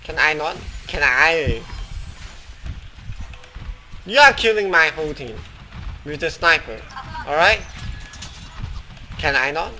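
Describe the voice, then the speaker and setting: A man's voice: a little high, animated, takes it slowly, pauses often, slight background noise, rough recording. A young man streaming a shooter game, swearing and taunting the other players as he plays. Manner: swearing, taunting, shouting at opponents. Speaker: gamer streamer. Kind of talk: live game commentary, trash talk.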